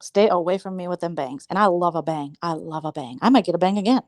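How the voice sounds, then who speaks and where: A woman's voice: on the low side, quick pace, darkish tone, no room sound. A woman hosting a casual livestream chat, gossiping sarcastically and slipping into imitations. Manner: gossipy, sarcastic, slips into mimicry. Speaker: host.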